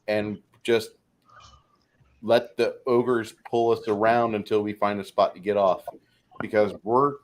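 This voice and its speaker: A man narrating as game master of a tabletop game, casual and profane, often laughing. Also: on the low side.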